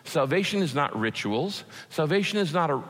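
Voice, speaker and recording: A man's voice: fairly high pitch, very animated, moderate pace, fairly bright tone. A man preaching a sermon as pastor, emphatic and repeating his key phrases. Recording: echoey hall with long reverb.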